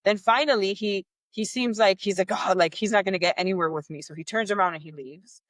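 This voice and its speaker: A woman's voice: mid-range voice, brisk, dry recording. A woman hosting a podcast, telling a personal story candidly and with frustration, acting out the voices of the people in it. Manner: candid, animated, acts out quoted dialogue; exasperated, frustrated. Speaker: podcast host.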